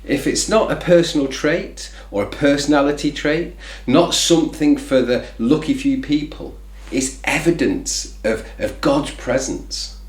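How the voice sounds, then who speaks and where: A man's voice: medium pitch, roomy sound. A man hosting a reflective faith talk, speaking conversationally with lots of "you know" fillers. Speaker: faith video host.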